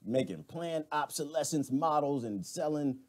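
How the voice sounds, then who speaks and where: A man's voice: on the high side, normal speed. A man hosting a live stream, ranting casually in a colloquial way with laughs and asides to viewers. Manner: animated, laughing, talks back to viewers.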